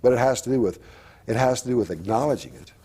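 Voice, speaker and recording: A middle-aged man talking candidly as a guest, halting and reflective, with frequent restarts. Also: mid-range voice, expressive, dark tone, husky. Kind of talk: candid personal talk-show conversation.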